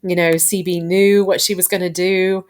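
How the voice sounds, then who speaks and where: A woman's voice: on the low side, little pitch movement, moderate pace. A woman reviewing a TV episode in a casual, gushing way, full of fillers and retold scenes. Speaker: TV show reviewer.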